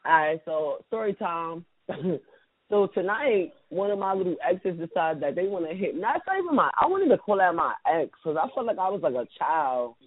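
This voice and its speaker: A man co-hosting a casual chat who talks in an animated way, laughs often and acts out quotes. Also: sits high, normal speed, breathy edge, no room sound. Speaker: podcast co-host. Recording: tinny phone-like audio.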